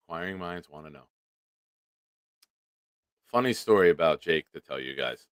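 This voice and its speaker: A man with a low-pitched voice hosts a casual sports livestream. His sound is dry and close to the mic, and his talk is loose, profane, and quick to laugh. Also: expressive, no room sound. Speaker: livestream sports show host. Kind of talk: casual live-stream chat, reading viewer comments.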